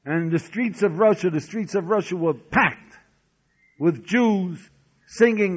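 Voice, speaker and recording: High-voiced man preaching, dull recording. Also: a little slow. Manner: dramatic storytelling with rhetorical questions. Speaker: rabbi teaching a Talmud lesson. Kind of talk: sermon.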